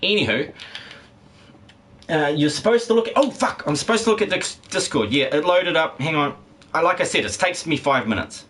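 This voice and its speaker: Middle-aged man, game streamer, crude joking ramble, slightly high voice, faint background hiss. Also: expressive, normal speed, bright, forceful tone. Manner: rambling, crude, joking, reads chat aloud. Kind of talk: casual live-stream chat.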